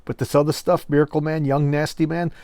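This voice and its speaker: A sharp, disbelieving wife scoffs at her husband's tale, as a man reads her lines. Her tone stays mocking and incredulous. The recording is dry and close. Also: a little high, flat delivery, fairly quick, dry recording, close to an everyday voice. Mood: scoffing.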